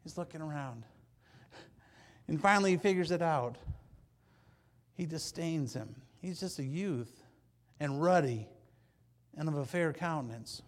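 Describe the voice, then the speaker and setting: A man preaching with lively storytelling energy, throwing himself into the scenes he describes. His voice sits a touch higher than most men's, and it swings between loud bursts and near-whispered asides. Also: unhurried, pauses often. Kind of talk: sermon.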